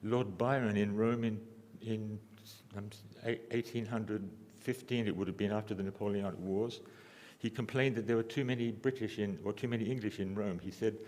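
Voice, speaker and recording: A man giving a symposium lecture, halting and restarting often, with dry humor. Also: lowish voice, steady tone, a little mellow, in a large hall. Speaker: lecturer, architect. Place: lecture hall.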